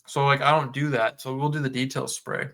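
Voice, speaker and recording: A man's voice: mid-range voice, fairly quick, vocal fry. A man co-hosting a casual podcast, talking loosely with many fillers and acting out customer conversations. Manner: relaxed, lots of filler words, acts out customer dialogue. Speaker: podcast co-host.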